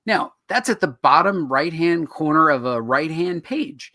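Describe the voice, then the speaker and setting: A man's voice: a little high, measured pace, few pauses, no room sound, clean studio sound. A man co-hosting a show on writing comics, explaining in casual chat and acting out quoted reactions. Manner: animated, acts out quoted reactions.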